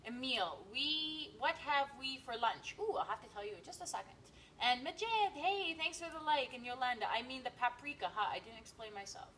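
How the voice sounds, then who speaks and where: A woman's voice: high-pitched, lively intonation, a little fast, pushed and bright, recorded from a distance, slight background noise, low-quality recording. A woman hosting a live cooking stream, chatting to viewers and reading their comments with many fillers and giggles. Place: home kitchen.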